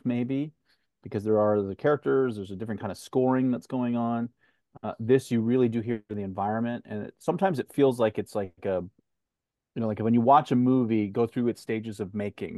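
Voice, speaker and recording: A man's voice: lowish voice, darkish tone, no room sound. A man in a casual podcast discussion, talking in an analytical, rambling way.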